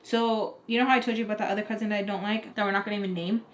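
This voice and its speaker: A woman's voice: mid-range voice, very fast. A young woman with an American accent from Utah, casually telling a personal story and acting out her family's voices. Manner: animated, acts out quoted voices of family. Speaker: vlogger telling a story time. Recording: echoey room, faint noise.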